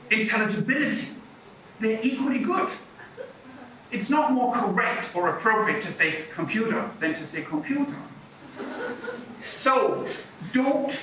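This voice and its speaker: A middle-aged man, a university lecturer, talking lively and chatty about public speaking, moving around as he talks. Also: high-pitched, a little hiss or hum. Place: lecture hall. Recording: echoey hall, mic from far off.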